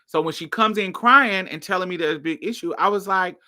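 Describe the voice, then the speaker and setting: Briskly and with a pushed, bright voice of fairly low pitch, a woman on her podcast relates a personal story. She is casual, blunt and profane, and her account flares into heated outbursts.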